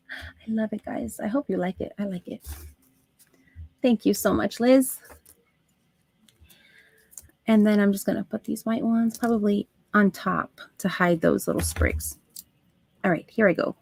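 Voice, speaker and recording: A woman hosting a live crafting stream, chatting to her viewers as she works, with soft asides under her breath. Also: medium pitch, measured pace, creaky, pauses often, husky, dry recording. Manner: talks to chat viewers while working, soft asides. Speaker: craft livestream host.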